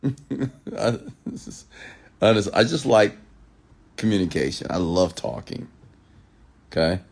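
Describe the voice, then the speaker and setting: A man hosting a late-night live stream, reading viewer comments aloud and answering them, who changes his pace and tone on purpose and sometimes slows into a measured news-anchor delivery. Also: fairly low pitch, animated.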